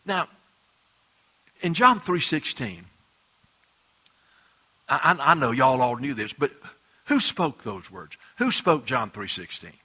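A man preaching a sermon as pastor, swinging between loud emphatic lines and quiet, hushed ones. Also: medium pitch, slightly rough.

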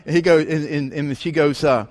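A man preaching, telling a story in an animated way and acting out the voices of the people in it. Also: on the high side, moderate pace. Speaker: pastor. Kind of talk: sermon storytelling. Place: church sanctuary. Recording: long reverb of a large hall.

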